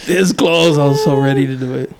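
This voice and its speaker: A man's voice: fairly quick, background noise. A man telling stories in casual chat, acting out quotes and laughing often. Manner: animated storyteller, acts out quotes in high voices, laughs often.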